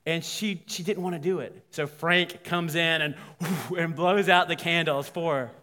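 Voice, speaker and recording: A man, a pastor, telling a story in a sermon, animated and voicing the people in it. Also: on the high side, moderate pace. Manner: animated, quoting characters. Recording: long hall reverb.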